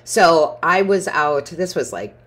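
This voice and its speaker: A woman's voice: low-pitched, lively intonation, takes it slowly, a bit bright. A woman giving a casual tarot reading, talking in a chatty storytelling way and laughing often. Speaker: tarot reader.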